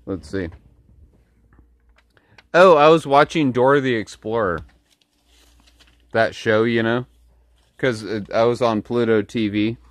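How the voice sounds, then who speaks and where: A man's voice: mid-range voice, vocal fry, no echo. A man vlogging in a rambling, casual way, full of crude jokes and asides.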